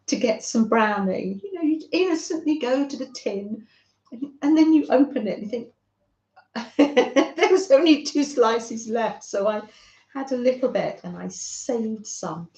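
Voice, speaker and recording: A woman hosting a craft channel, chatting gently and fondly with viewers on a livestream. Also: mid-range voice, roomy sound, poor audio. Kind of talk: casual livestream chat with viewers.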